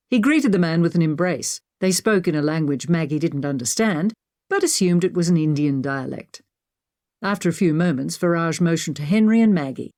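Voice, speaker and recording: A woman reading an audiobook in an even, measured narration style. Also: low voice. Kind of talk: scripted narration.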